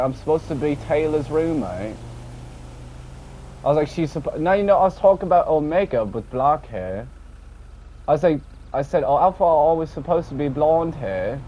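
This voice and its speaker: A man rambling casually about an online game session, swearing often and tacking on a low, dropped "mate". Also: mellow. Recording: dull lo-fi audio with faint background noise.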